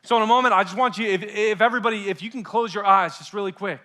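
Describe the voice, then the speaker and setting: Bright-voiced, impassioned male youth pastor. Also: sits high, quick pace. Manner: impassioned, swings between loud and hushed; acts out listeners' inner voices. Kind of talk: sermon.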